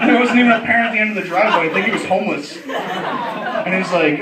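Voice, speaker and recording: A man's voice: high-pitched, moderate pace, pauses often, very noisy. A man doing a stand-up comedy set, brash and profane, laughing through his lines. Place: comedy club. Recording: echoey club, distant mic, loud crowd.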